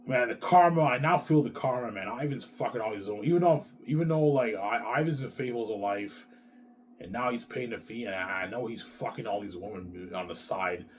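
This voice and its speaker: A man's voice: medium pitch, fairly quick, slight background noise. A young man hosting his own show, rambling in a profane monologue, repeating "man" and putting on brief voices for other people. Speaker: show host.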